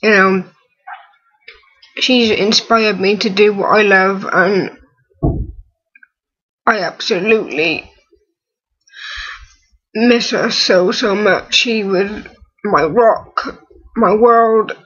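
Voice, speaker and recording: A young woman in her early twenties, close to tears, talking haltingly with many fillers and restarts in a personal vlog. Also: mid-range voice, a bit bright, breathy edge, muffled recording. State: on the verge of tears. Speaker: vlogger.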